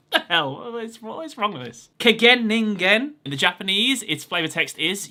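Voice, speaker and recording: A man's voice: sits high, very animated, unhurried, sharp tone. A man hosting a casual video, reading things out with enthusiasm and laughing often. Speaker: video host.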